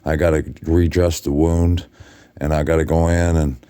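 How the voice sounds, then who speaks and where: Late at night in a hotel bed, a worn-out video blogger chats casually with his followers, rambling, restarting, and correcting himself. He has a warm bass voice with flat delivery at a moderate pace; the audio is clean, with no room sound.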